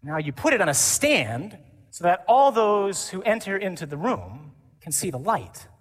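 Male priest, animated conference sermon, higher-pitched, reverberant hall. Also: moderate pace, slightly rough. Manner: lively, animated preaching with mimicry.

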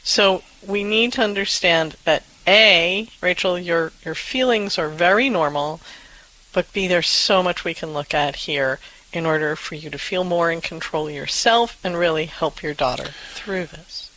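A co-host of a parenting advice talk show speaks in a reassuring, affirming way. The voice is mid-pitched with a bright, forward tone. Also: unhurried, low-quality recording.

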